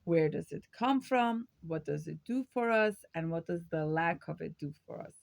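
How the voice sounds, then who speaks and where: Low, gravelly-voiced woman explaining calmly. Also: moderate pace, no room sound. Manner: reflective, poses rhetorical questions, occasional fillers. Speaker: host of her own video channel. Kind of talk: educational monologue to camera.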